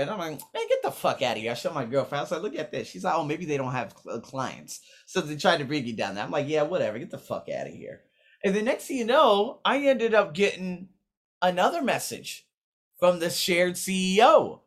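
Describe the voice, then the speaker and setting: Animated, profane young man telling stories. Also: high voice, fairly quick. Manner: animated, profane, quotes people in raised voices. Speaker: vlogger. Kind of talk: casual storytelling.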